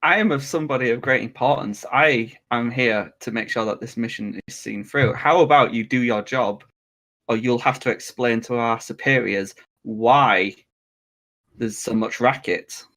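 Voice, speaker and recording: A man's voice: medium pitch, moderate pace, a bit bright. A man plays a tabletop game with friends in a playful mood. When he speaks as his character, he takes on a bossy, commanding tone. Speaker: player. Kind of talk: casual tabletop play.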